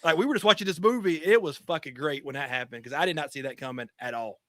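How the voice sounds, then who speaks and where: A man's voice: on the high side, fast, bright, forceful tone, dry recording, clean studio sound. A man co-hosting a podcast, telling stories in casual, profane banter and laughing easily. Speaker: podcast co-host.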